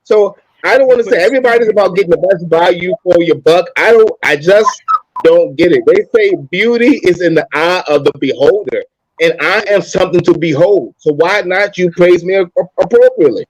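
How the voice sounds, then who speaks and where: A man's voice: sits high, brisk, no echo, low-quality recording. A man chatting on a podcast, boastful and brash, swearing freely. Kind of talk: casual chat.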